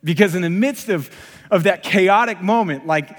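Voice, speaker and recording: A man with a fairly high voice tells a funny story from the pulpit, animated and quick to laugh at himself. His voice rings out with a long reverb across a large hall. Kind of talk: humorous personal story in a sermon.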